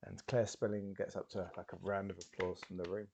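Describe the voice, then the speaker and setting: A man's voice: low voice, level tone, fairly quick, creaky, dark tone, a little hiss or hum. A man narrating a tabletop role-playing game as game master, hesitant with fillers.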